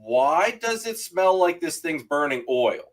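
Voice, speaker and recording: A man's voice: a little high, a little slow, low-quality recording. A man co-hosting a casual podcast, telling a story and acting out both sides of the conversation. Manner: animated storyteller who acts out dialogue. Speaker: podcast co-host. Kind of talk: casual chat.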